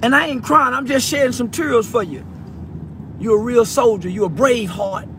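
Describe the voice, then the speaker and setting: A man's voice: very high-pitched, normal speed, gravelly, background noise. A tearful man speaking straight to camera in an emotional monologue, stammering through repeated words and pleading from the heart. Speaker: online personality addressing a peer.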